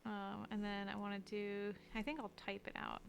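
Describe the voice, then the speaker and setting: A woman streaming as she draws, talking in a loose, rambling way full of fillers and restarts. Her voice has a gravelly edge and sits at an average pitch. She slips into quiet mutters as she works. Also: monotone, moderate pace, a little hiss or hum. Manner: rambling, self-deprecating, frequent fillers and restarts. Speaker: streamer and artist. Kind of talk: casual live-stream chat while drawing.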